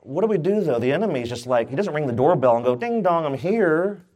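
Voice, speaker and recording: A middle-aged male pastor preaching a sermon in an emphatic style, with comic asides and sudden jumps up in pitch. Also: lively intonation, quick pace, dark tone.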